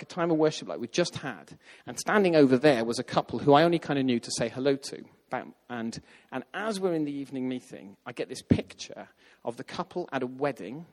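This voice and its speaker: A man telling a story in a sermon, lively and acting out the voices of the people in it. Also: medium pitch. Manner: animated, acts out quoted voices. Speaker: preacher. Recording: long hall reverb.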